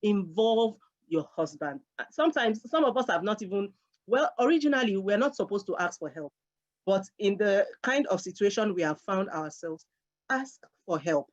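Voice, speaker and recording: A woman's voice: mid-range voice, lively intonation, normal speed. Earnest woman giving advice, lo-fi sound. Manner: earnest, repeats key phrases for emphasis. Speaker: guest speaker. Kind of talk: casual conversational advice. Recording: dull lo-fi sound.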